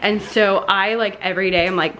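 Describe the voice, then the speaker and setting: A woman's voice: mid-range voice, fairly even intonation, a little fast, noisy background. Bubbly chatty young woman vlogging. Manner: chatty and bubbly, with many fillers and asides. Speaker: vlogger and schoolteacher. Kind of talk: casual chat to camera.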